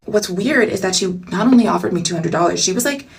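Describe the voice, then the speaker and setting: A young woman telling a personal story in a chatty storytime vlog, animated and full of asides. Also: mid-range voice, fast, creaky, far from the mic.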